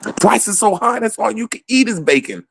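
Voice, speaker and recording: A man's voice: sits high, lively intonation, brisk, vocal fry, no room sound. A man in a casual comedic rant, swearing freely and laughing often in the middle of his sentences. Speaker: comedic ranter.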